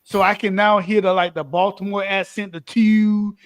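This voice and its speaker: A man from Florida in a casual podcast chat, earnest and quick-talking, often repeating himself. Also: sits high, fairly even intonation.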